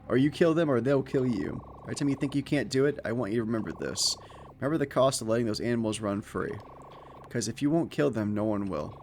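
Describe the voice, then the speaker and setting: A man's voice: medium pitch, darkish tone, slight background noise, close to an everyday voice. A man reading out a game's stern male assassin mentor in a grim, lecturing way.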